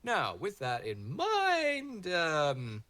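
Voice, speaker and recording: A man voicing a showy male fae green man in a tabletop game, high and theatrical. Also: huge pitch swings, drawn-out words, pushed and bright, heavily acted. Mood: cheery.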